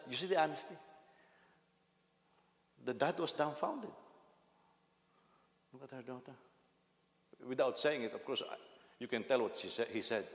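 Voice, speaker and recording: Pastor preaching in an echoey hall. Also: male voice, medium pitch, moderate pace, long pauses, a bit bright. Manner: storytelling, laughs at his own anecdotes, acts out quotes. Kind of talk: sermon. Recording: echoey hall with long reverb.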